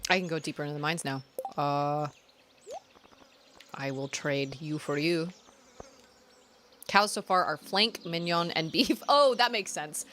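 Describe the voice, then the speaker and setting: A woman in her thirties chatting casually as she streams a video game, chatty and quick to giggle. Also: low voice, fairly bright tone, slight background noise. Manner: chatty, giggly, talks to chat. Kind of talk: casual gameplay chat. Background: game music.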